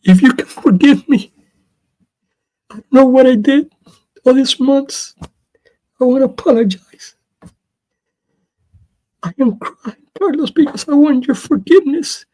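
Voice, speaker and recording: A man voicing a grown male wrestler who sobs and begs for forgiveness in a high, whimpering plea. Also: expressive, measured pace, pauses often, mellow, no echo, exaggerated voice, rough recording. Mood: sobbing, pleading.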